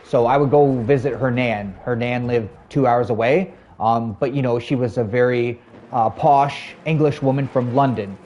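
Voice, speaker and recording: A man's voice: medium pitch, normal speed, a little mellow, muffled recording. A man in his thirties chatting casually to his stream viewers, rambling loosely with lots of "like" and "you know". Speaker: live streamer.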